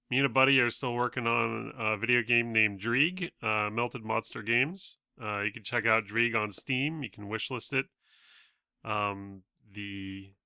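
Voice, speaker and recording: A man guest on a podcast, talking casually and haltingly with many pauses. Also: medium pitch, sharp tone, clear, resonant tone, no room sound, clean studio sound. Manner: hesitant, full of ums and restarts. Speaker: podcast guest, game developer. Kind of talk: casual chat.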